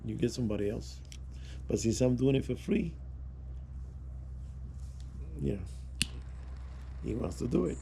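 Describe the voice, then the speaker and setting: A man's voice: mid-range voice, moderate pace, long pauses, warm tone, a little hiss or hum. A man vlogging, telling rambling anecdotes in a casual way, with restarts and chuckles. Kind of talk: casual storytelling.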